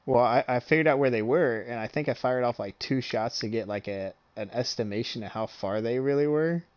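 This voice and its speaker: A man's voice: medium pitch, a little fast, dry recording. Young man, gaming streamer, casual storytelling, swears a lot, laughs often, dry close sound.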